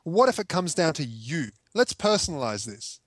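A man's voice: on the high side, sing-song, normal speed, a bit bright, dry recording. A man co-hosting a casual commentary chat, arguing his point with rhetorical questions. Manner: argumentative, fires rhetorical questions. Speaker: co-host.

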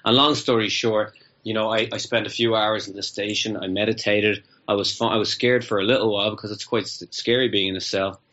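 A man's voice: fairly low pitch, steady tone, fairly quick, bright, forceful tone, muffled recording. A man, a guest in an interview, telling a long story in a rambling way and often repeating his words. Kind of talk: casual anecdotal storytelling.

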